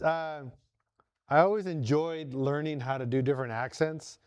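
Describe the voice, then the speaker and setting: A man's voice: on the high side, moderate pace, darkish tone, clear, resonant tone, dry recording, clean studio sound. A man hosting a casual workshop vlog from his home garage shop, talking viewers through each step as he works. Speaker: host.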